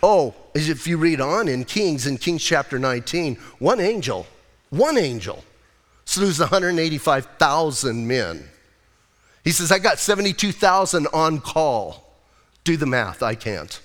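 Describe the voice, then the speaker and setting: A man's voice: on the high side, a little slow. A man preaching a casual, jokey sermon as pastor, acting out the Bible scenes in voices. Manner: animated, jokey, slips into voiced characters. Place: church sanctuary. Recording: long hall reverb.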